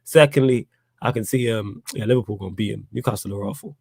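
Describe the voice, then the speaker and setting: Animated football podcaster, dry sound. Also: male voice, quick pace, creaky, slightly rough, dry recording. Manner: animated, teasing, swings up to loud high challenges. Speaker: podcast host. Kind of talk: casual live-stream football chat.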